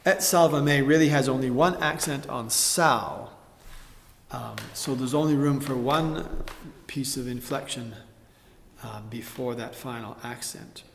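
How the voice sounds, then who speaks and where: Slow-spoken man in a reverberant room. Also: medium pitch, creaky, a bit bright, a little hiss or hum. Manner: measured, stops to sing demonstration phrases. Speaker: chant teacher. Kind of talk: spoken tutorial with sung psalm examples. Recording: roomy space with long reverb.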